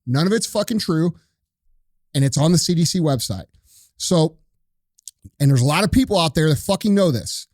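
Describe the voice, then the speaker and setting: Casting: male host, lecturing and profane, slightly high voice, dry mic. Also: animated, normal speed, pauses often, darkish tone, no room sound. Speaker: podcast host. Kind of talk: opinionated rant.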